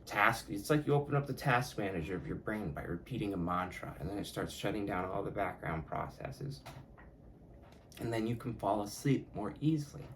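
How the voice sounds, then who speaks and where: A man's voice: fairly low pitch, lively intonation, normal speed, a little hiss or hum. A man hosting his own podcast, talking casually in a rambling, profane way that often corrects itself. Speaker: podcast host. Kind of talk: casual solo podcast talk.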